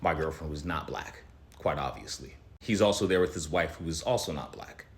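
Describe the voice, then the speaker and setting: A young man telling a personal story in an animated way, his voice climbing high when he gets worked up. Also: normal speed, gravelly. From United States. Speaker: commentator. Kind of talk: storytime commentary.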